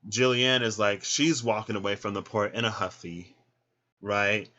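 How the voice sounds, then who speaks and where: A man's voice: fairly low pitch, normal speed, lo-fi sound. Chatty man giving a tarot reading. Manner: chatty and animated, laughs often, acts out little scenes. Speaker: tarot reader. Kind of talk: casual spoken tarot reading.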